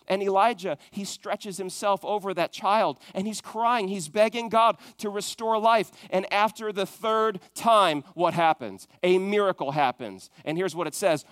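A man preaching a sermon in a high voice, recorded dry and close with little room sound. He moves between loud, emphatic peaks and quiet, hushed passages. He keeps putting questions to his congregation. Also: unhurried, no echo. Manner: talks straight to the congregation with questions. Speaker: pastor.

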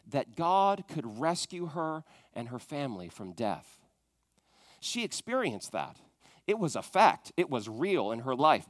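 Man, pastor, sermon; high-pitched voice, dry close recording, swings between loud emphasis and hushed lines, questions the congregation. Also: no echo. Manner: dynamic preaching, rising to loud emphatic peaks and dropping to hushed tones; talks straight to the congregation with questions.

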